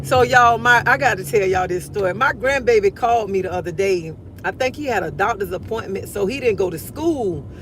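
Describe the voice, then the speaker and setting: A middle-aged grandmother telling a funny family story with lively storytelling while chatting with live viewers from her car. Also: mid-range voice, fairly quick, hardly any pauses, a little hiss or hum. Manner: lively storytelling, laughs easily. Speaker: livestream host. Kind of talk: casual chat with live viewers. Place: car, driving to work.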